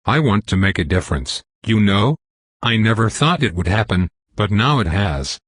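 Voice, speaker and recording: Brief: man doing a chatty, earnest young speedster boy, low and slightly husky, for a comic read-aloud. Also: animated, normal speed, a bit bright, dry recording. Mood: eager. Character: eager young male superhero speedster, earnest.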